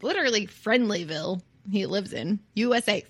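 A woman's voice: a little high, a little fast, few pauses, sharp tone. A woman co-hosting a podcast, telling a true-crime story in casual chat and laughing often. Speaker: podcast co-host.

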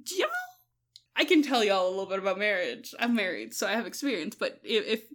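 A woman co-hosting a casual podcast, swinging between soft reflective musing and loud, laughing excitement. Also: medium pitch, fairly quick. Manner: uses y'all, laughs often. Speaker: podcast co-host.

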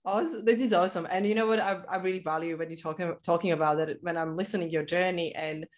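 This is a woman who is not a native English speaker, a guest in a casual chat. She is animated and laughs often. She sometimes searches for the right word. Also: fairly low pitch, fast.

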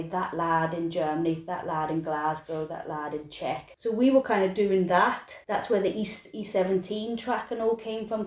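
A woman's voice: on the low side, darkish tone. A woman choreographer talking candidly in an interview, telling stories and acting out quoted voices. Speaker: choreographer and dancer. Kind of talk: casual interview talk. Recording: echoey room.

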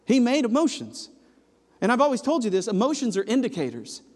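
A man preaching a sermon, swinging between loud emphatic passages and low hushed ones. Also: huge pitch swings, brisk. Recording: long hall reverb.

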